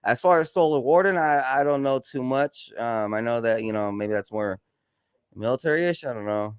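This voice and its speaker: Smooth-voiced hesitant man on podcast. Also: medium pitch, moderate pace, no room sound. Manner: hesitant, many fillers and restarts. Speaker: podcast guest. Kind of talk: casual podcast chat.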